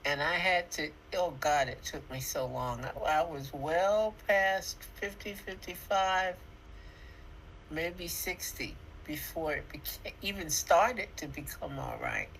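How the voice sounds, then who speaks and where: A woman's voice: low-pitched, very animated, slow, fairly bright tone, a little hiss or hum, rough recording. A woman in her sixties co-hosting a podcast, chatting in a reflective, affirming way with emphatic turns. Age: 60s. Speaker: podcast co-host. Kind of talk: casual chat.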